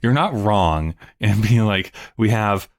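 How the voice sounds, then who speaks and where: Amused, low-voiced male podcast host. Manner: relaxed and amused, with quick agreeing interjections. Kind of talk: casual chat about musical theatre.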